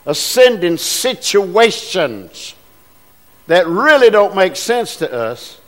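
A man's voice: high voice, big pitch swings, slow, a bit bright. A man preaching a sermon as pastor, folksy and rousing, calling out to the congregation. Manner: folksy, call-and-response preaching with rising bursts.

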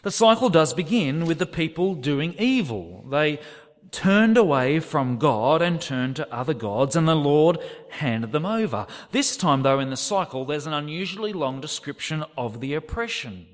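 Animated preacher in a reverberant hall. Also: male voice, on the high side, normal speed. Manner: expressive, dramatic reading of scripture quotes. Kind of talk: sermon.

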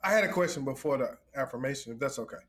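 A man's voice: mid-range voice, expressive, racing, fairly bright tone. A man co-hosting a podcast in casual chat, joking and upbeat with encouraging words. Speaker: podcast co-host.

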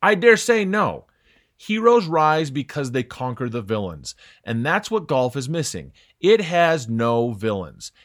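A man's voice: medium pitch, sing-song, measured pace, few pauses. A young man hosting a scripted sports opinion segment, talking in a sarcastic, mocking way with theatrical emphasis.

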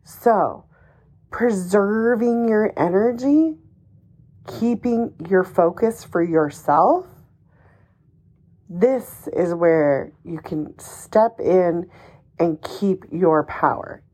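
A woman's voice: on the low side, drawn-out words, warm tone. A woman hosting a solo advice podcast, talking in an emphatic, encouraging and somewhat ranty way, swearing casually. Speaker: podcast host.

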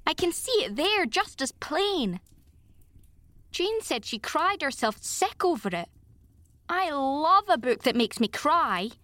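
Woman reader as a chatty imaginative girl, high voice, effusive, dramatic. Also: a bit bright, no echo. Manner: effusive, talkative, fanciful. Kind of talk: audiobook character reading.

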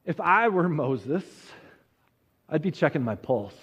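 A man preaching a sermon, who retells the story in a lively way with his own asides. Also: on the high side, slow pace, husky, highs cut off. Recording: long hall reverb.

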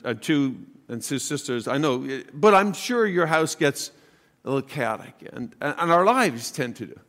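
Halting, chatty priest in a reverberant church. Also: male voice, high-pitched, fairly bright tone. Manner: chatty, halting, acts out voices in his story. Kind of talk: homily with personal storytelling. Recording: long hall reverb.

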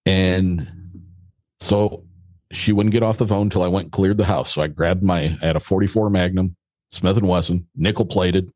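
Deep-voiced man telling a story. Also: steady tone, normal speed, darkish tone, dry recording. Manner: laid-back, blunt and joking, with mild swearing. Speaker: podcast guest. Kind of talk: casual storytelling.

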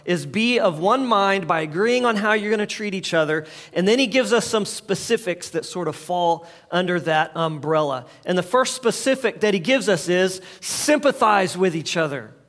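A man with a high voice gives a relaxed, conversational sermon. He speaks like a pastor talking with his congregation and has them repeat short phrases back to him. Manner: conversational preaching, leads the audience in call-and-response.

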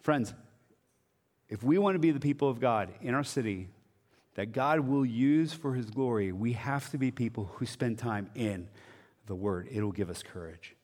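A man preaching a sermon as a pastor, conversational and animated, now and then dropping to a quiet voice. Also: medium pitch, moderate pace, big-room sound.

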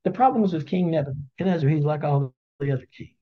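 A man teaching a Bible study in a casual webinar, his voice sitting a bit high and swinging widely as he tells the story. He acts out the characters along the way, and the lo-fi audio sounds dull. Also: lively intonation, quick pace.

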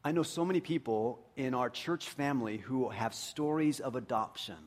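A man preaching a sermon as pastor to his congregation. He speaks earnestly and often drops to a hushed voice for emphasis. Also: fairly high pitch.

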